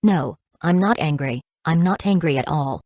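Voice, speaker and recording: A vindictive young man speaks with a sweet surface and sarcastic edge, as a woman reader puts him on. His voice sits low and close, with a dry, unroomy sound. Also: normal speed, no room sound. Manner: mock-gentle, sarcastic. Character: smiling, vindictive young man who holds grudges.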